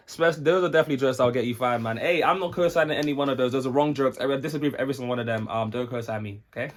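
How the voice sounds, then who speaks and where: A man's voice: medium pitch, fast talker. A man hosting a reaction video, commenting casually and talking to his viewers. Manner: laughing, chatty, addresses viewers.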